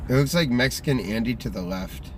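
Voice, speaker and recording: A man's voice: mid-range voice, lively intonation, brisk, background noise. A man casually livestreaming from a car, rambling in loose slangy talk full of fillers. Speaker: streamer. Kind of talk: casual mobile livestream chat.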